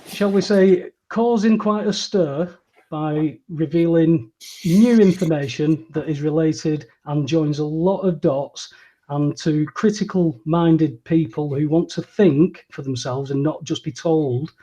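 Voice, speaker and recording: A man hosts a casual audio talk show, his voice mellow and a little husky, sitting slightly higher than most men's. He rambles and restarts his sentences, and he perks up when he agrees with his guest. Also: slow pace. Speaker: host. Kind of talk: casual conversational podcast chat.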